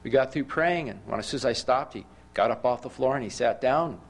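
A male preacher delivering a sermon in a mid-pitched voice. He tells his story with animated rises and emphatic bursts, often stumbling and restarting his sentences. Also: fairly quick, creaky.

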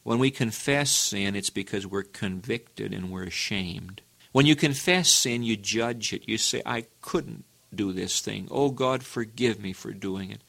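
A man's voice: a little slow, gravelly, a bit bright. A man preaching a sermon, earnest and emphatic, asking the listeners rhetorical questions. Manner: earnest, emphatic, with sudden rises in pitch.

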